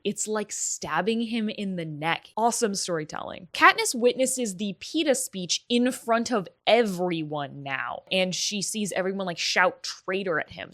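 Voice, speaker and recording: Chatty young woman vlogging, lower voice. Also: a bit bright. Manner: chatty and candid, frequent "like" and swearing. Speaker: book vlogger. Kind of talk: casual vlog commentary.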